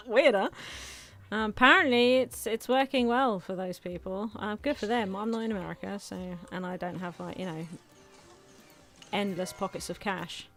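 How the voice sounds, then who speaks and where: A woman's voice: mid-range voice, moderate pace, fairly bright tone, faint music behind. A young woman streaming a game, chatting casually at her microphone and laughing often, while she has hiccups. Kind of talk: casual live-stream chat while gaming. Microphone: desk microphone.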